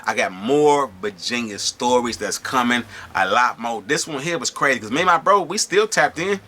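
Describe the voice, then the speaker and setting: Lively, slangy man telling prison stories. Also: mid-range voice, normal speed. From Michigan. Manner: animated, slangy, keeps checking in with listeners. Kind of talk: casual storytelling to camera.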